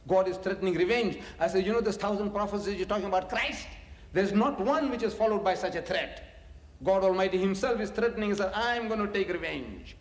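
A man giving a religious lecture, animated and full of rhetorical questions, chuckling often. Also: high voice, quick pace. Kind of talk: preaching lecture to an audience. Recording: echoey hall reverb.

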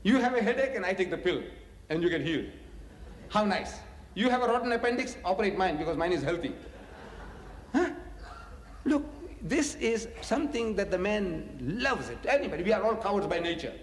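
Animated man preaching in echoey hall. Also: high-pitched, a little fast, long pauses, slight background noise. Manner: animated, rhetorical questions, chuckles often. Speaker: religious lecturer. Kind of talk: preaching lecture to an audience.

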